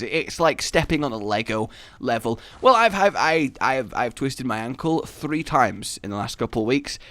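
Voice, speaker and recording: A man's voice: mid-range voice, a bit bright, no room sound. A man giving casual, rambling gameplay commentary in his home office, telling stories with restarts and bursts of laughter. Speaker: gaming YouTuber.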